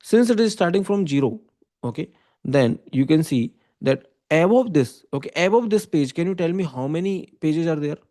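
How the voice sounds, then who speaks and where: Indian-accented male lecturer, a bit higher pitch, mellow tone, patient step-by-step explainer. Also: expressive, normal speed. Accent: Indian English. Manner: explains step by step, often checking with "okay?" and "right?". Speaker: computer science teacher. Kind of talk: online lecture.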